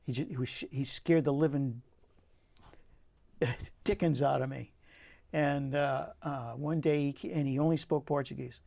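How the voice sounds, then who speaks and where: A man's voice: medium pitch, fairly even intonation, a little slow, vocal fry, pauses often, mellow, no echo. An older man, a poet, telling personal stories in an earnest, reflective way with frequent restarts, interviewed in a community TV studio. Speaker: poet guest.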